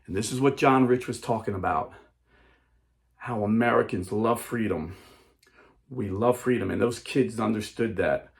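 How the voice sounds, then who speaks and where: A man's voice: lowish voice, moderate pace, vocal fry, long pauses. A man giving a dramatic storytelling speech, emphatic and acting out characters as he goes. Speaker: speaker.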